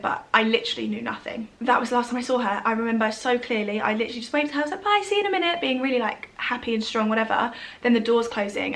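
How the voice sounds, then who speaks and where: A woman's voice: mid-range voice, a bit bright. A young woman, telling a personal story to camera in a chatty way, full of "like" and "literally". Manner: chatty, frequent fillers like "like" and "literally". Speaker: vlogger.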